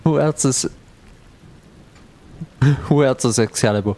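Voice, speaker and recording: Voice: mid-range voice, a little slow, pauses often. A streamer chatting casually and playfully during a gameplay livestream. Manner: playful and animated, with silly meowing bits.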